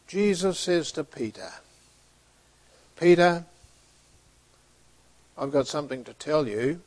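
A man preaching a sermon, retelling a story and acting out the dialogue, sometimes dropping to a hushed near-whisper. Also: sits high.

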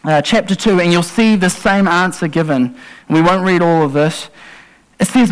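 A man's voice: high-pitched, normal speed, low-quality recording. A man preaching a sermon to a congregation in a conversational way, with asides and self-corrections. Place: church congregation.

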